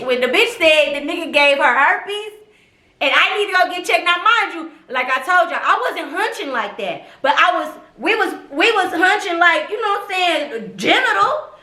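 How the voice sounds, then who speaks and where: A young woman on a live stream, telling a personal story in a profane, animated, slangy way. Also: high voice. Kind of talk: casual storytelling to a live audience. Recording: echoey room.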